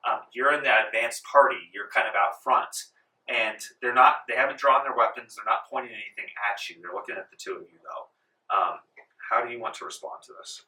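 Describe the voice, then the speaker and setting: A man runs a tabletop game in a casual, rambling way full of fillers. His voice is very bright and sharp. He sits at a middling pitch and sounds far from the mic in an echoey library room. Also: brisk. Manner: casual, filler-heavy narration. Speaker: game master. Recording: roomy room, distant mic.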